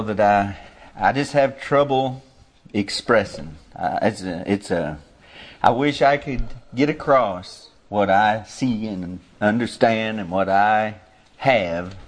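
Earnest, halting low-voiced male preacher. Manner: halting, searching for words, restarts; earnest, reads scripture slowly. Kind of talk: informal sermon, Bible teaching.

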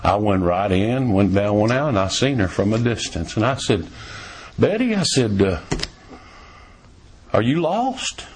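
A man preaching a sermon in a folksy, storytelling way, swinging between emphatic raised lines and low, quiet ones. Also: moderate pace, hardly any pauses, slight background noise.

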